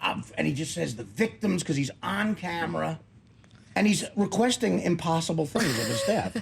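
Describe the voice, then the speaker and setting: A man's voice: a little high, big pitch swings, normal speed, creaky, a little hiss or hum. Wisecracking male talk show host. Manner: sarcastic, joking, interrupting. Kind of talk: comedic sports talk.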